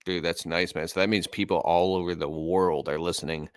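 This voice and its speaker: Low-voiced male podcast host, casual, enthusiastic, dry close mic. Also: steady tone, brisk, smooth, no room sound. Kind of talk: casual interview chat.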